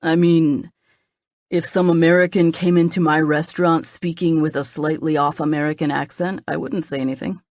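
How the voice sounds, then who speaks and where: A woman narrator doing a laid-back, self-assured young man from a romance novel, calm and reassuring, spoken low in her own voice. dry, close studio sound with no room. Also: moderate pace, no room sound, close to an everyday voice. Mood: reasonable. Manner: relaxed, reassuring. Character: easygoing confident young man, boyfriend.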